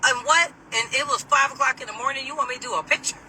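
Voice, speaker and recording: A woman's voice: sits high, fast, bright, forceful tone. A woman in a casual, indignant, swearing rant, speaking into a phone while driving a car. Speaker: vlogger. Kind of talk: casual venting monologue. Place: in a moving car. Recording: distant mic, faint road noise.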